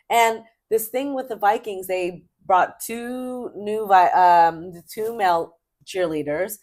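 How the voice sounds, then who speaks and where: A middle-aged woman co-hosting a casual sports podcast, chatty and emphatic, rambling with quick restarts. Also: medium pitch, a little mellow. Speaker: podcast co-host.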